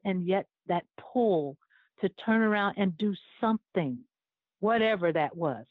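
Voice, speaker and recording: A woman's voice: medium pitch, lively intonation, a little slow, dry recording. Older woman telling a story over a tinny line. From United States. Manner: earnest, emotionally moved storytelling. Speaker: guest, Olympic chaplain. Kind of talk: personal storytelling in an interview. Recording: tinny phone-like line, dry.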